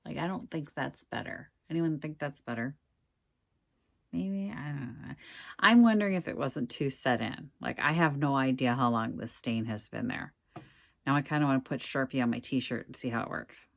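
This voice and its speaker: A woman's voice: extremely low pitch, normal speed, vocal fry, dry recording. A woman reselling goods online, casually thinking aloud at home with wry asides to her viewers. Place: indoors at home.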